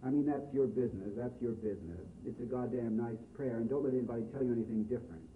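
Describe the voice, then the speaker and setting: A man playing a young man who talks to his sister in a low, quiet, blunt and brotherly way. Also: fast talker, distant mic, close to an everyday voice. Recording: echoey, phone-like, faint hiss.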